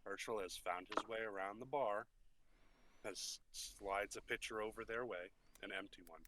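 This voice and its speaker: Brief: a very low-pitched male voice at a tabletop game. He calmly describes a side character's actions one step at a time. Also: moderate pace. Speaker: player.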